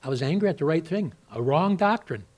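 A man preaching a sermon as a pastor, moving between loud, emphatic exhortation and quieter personal storytelling with repeated words. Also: fairly high pitch, lively intonation, fairly quick. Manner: repeats and restarts words when telling a story.

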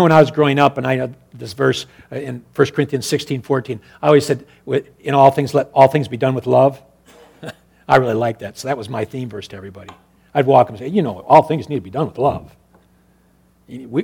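Man, preacher, sermon, rhythmic repetition, hushed asides to loud exhortation, fairly high voice. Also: gravelly. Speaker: pastor.

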